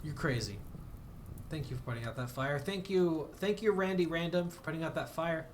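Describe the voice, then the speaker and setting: Guy streaming a game and rambling at it, kinda high voice, faint background hiss. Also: brisk. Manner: rambling, self-deprecating, swings into mock outrage. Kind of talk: casual game livestream commentary.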